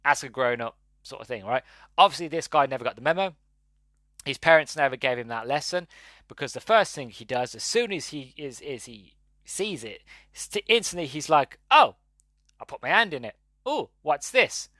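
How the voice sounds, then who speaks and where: A man's voice: mid-range voice, animated, normal speed, bright, forceful tone, dry recording. A man hosting a podcast, reviewing a movie in a rambling, exasperated way with laughing asides. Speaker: podcast host. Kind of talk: casual solo movie review.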